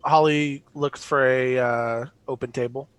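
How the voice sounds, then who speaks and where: A man calmly describes what his character does in a tabletop game. He keeps it brief and easygoing, with an ordinary mid-range voice. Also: mid-range voice, measured pace, clear, resonant tone, no room sound. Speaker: player.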